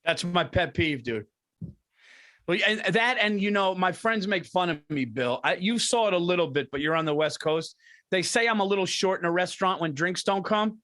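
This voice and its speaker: A middle-aged man co-hosting a podcast, telling animated, profane stories and ranting about pet peeves. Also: sits high, moderate pace. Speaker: podcast co-host. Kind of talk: casual comedic storytelling.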